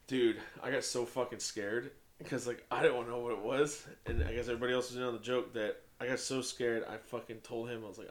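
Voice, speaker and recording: A man's voice: fairly low pitch, fairly even intonation, quick pace. A young man co-hosting a casual podcast chat, telling stories with plenty of swearing and laughter.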